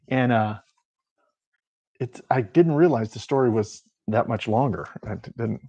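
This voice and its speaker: A man's voice: fairly low pitch, slow, vocal fry, pauses often, darkish tone, slightly rough, highs cut off. A middle-aged man, an author who hosts a show, chatting casually after a reading in a rambling, chuckling manner. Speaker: author and host.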